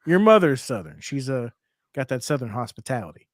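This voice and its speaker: A man co-hosting a casual podcast, tossing in quick teasing questions and laughing often. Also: medium pitch, sing-song, dry recording, studio quality. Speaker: podcast co-host.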